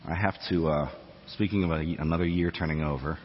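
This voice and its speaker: A man's voice: rumbling low, fairly even intonation, fast, in a large hall, dull audio, slight background noise. A man in his forties preaching a sermon, chatty and self-deprecating, reading scripture aloud. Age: 40s. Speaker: pastor. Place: church sanctuary.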